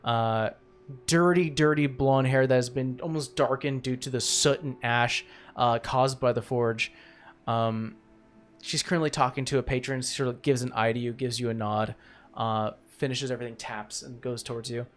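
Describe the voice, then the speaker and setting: A man's voice: mid-range voice, fairly even intonation, moderate pace, soft background music. A man narrating as game master in a tabletop game, rambling with many fillers.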